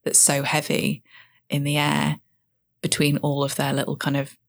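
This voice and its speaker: Low-voiced woman, enthusiastic analysis. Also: completely flat delivery, moderate pace, gravelly. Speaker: podcast guest, comedian. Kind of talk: casual podcast chat.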